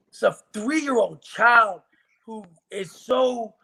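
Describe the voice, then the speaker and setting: A man's voice: high voice, moderate pace, gravelly, sharp tone, husky. A man from Virginia bluntly recounting hard times in a casual, profane, emotional interview. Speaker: guest telling his life story.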